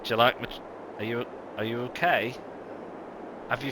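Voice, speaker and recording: A man's voice: medium pitch, fairly even intonation, moderate pace, long pauses, pushed and bright, slight background noise, poor audio. A man giving casual, rambling gameplay commentary, with lots of ums and self-corrections. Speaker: gaming video host.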